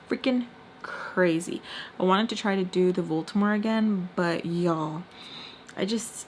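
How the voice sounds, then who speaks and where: Animated woman telling a storytime. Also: fairly low pitch. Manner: animated, expressive retelling with quick asides and drops to a whisper. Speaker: storytime vlogger. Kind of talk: casual storytime chat to viewers. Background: faint heater hum.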